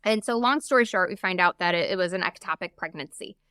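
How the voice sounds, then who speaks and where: Woman guest, candid conversational storyteller; bright, clear tone. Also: lowish voice, fast, dry recording, studio quality. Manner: chatty, open, frequent "like" asides. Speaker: podcast guest.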